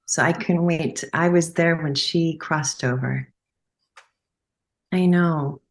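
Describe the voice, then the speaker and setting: A woman's voice: deep voice, steady tone, slow. A woman working as a medium on a podcast, hesitantly passing along what she says she is being told. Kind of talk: conversational relaying of messages.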